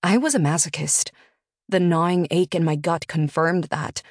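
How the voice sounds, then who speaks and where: A woman narrating a first-person audiobook in a measured, introspective reading. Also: on the low side, dry recording, studio quality.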